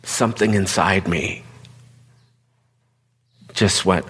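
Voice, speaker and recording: A man, a pastor, giving an earnest, conversational sermon that often drops into hushed, whispered asides. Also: fairly low pitch, normal speed, breathy edge, in a large hall. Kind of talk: personal sermon talk.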